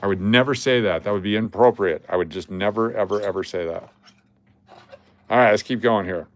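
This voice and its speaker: A man with a somewhat low voice runs a casual livestream, chatting straight to his viewers. He is blunt and jokey and rambles as he reads the chat. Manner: blunt, joking, rambling while reading the chat. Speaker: livestream host.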